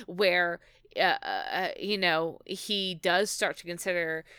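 Slow, bright-voiced exasperated woman. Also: on the low side, smooth, dry recording, clean studio sound. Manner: unhurried, exasperated, swears freely. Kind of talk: casual TV recap chat.

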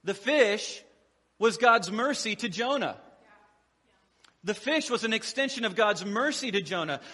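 Bright, high-voiced pastor preaching in a hall. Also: male voice, expressive, measured pace, breathy edge. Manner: conversational preaching with humor and acted quotes. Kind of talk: sermon.

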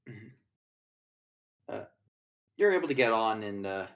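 A man's voice: lowish voice, big pitch swings, unhurried, pauses often, a bit bright. Male game master, chatty, rambling, casual narration.

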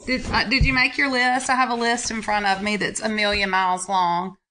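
A woman's voice: medium pitch, level tone, a little fast, sharp tone, slight background noise. A middle-aged woman, animatedly telling stories in a casual chat and laughing often.

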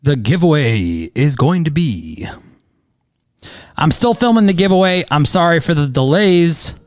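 A sports bettor in his thirties hosts a laid-back podcast, his voice a little high and his pace measured. He gets excitable and rambles, with lots of "um"s and casual swearing.

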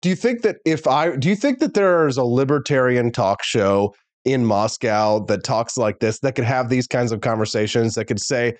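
A male talk show host delivering an animated, opinionated monologue straight to viewers. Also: medium pitch, moderate pace, dry recording.

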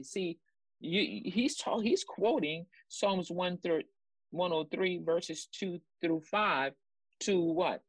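Woman preacher, deep low voice, emphatic and repetitive, dry close sound. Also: slow pace, no echo. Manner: emphatic and repetitive, urging listeners; exclamatory praise. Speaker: ministry co-host. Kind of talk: preaching commentary.

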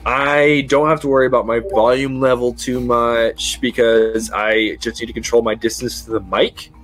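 A man's voice: mid-range voice, flat delivery, normal speed, fairly bright tone, a little hiss or hum. A man who plays in a tabletop role-play group, speaking earnestly and reflectively in a casual panel chat, with some restarts.

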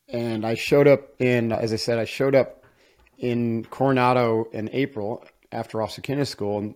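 Gravelly-voiced man telling a story. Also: medium pitch. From upstate New York. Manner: animated storyteller, acts out quoted voices. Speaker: interview guest, former Navy SEAL. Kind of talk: casual storytelling.

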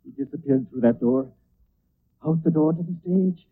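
An actor playing an anxious man urging a chase in a 1940s radio drama, hurried and urgent. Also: a little high, lightly acted. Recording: tinny old radio broadcast with faint hiss.

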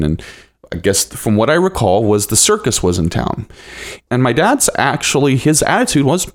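A podcast host in his thirties tells a personal story, animatedly acting out the voices of the people in it. His voice is medium in pitch and fairly quick.

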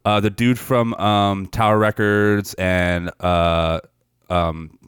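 A man's voice: lowish voice, flat delivery, slow, clean tone, no room sound, studio quality. A man co-hosting a horror movie podcast, bantering and teasing in casual chat. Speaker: podcast co-host.

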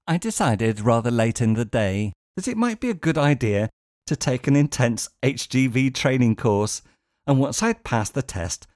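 Wry, low-voiced man. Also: a little mellow, no echo, clean studio sound. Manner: wry storytelling, chuckling dryly. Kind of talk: anecdotal monologue.

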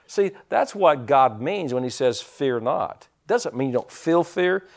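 A man preaching a sermon in a folksy, rambling storytelling way, rising into loud bursts. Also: a little high, animated, a little slow, creaky.

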